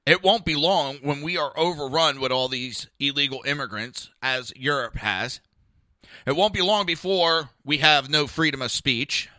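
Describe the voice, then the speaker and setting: Male podcast host, crude and excitable, very bright tone, dry close sound. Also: fairly high pitch, normal speed, dry recording. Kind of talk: casual commentary podcast. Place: home room by a window. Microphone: camera mic.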